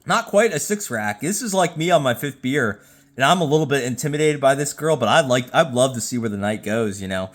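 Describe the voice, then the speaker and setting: Tipsy guy rambling into his phone at home, stutters a lot, gets loud and excited in spurts, normal mid voice. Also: mid-range voice, brisk. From Jacksonville, Florida. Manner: rambling, stammering, with bursts of excited loudness. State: tipsy from drinking. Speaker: YouTube host. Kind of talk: casual rating commentary.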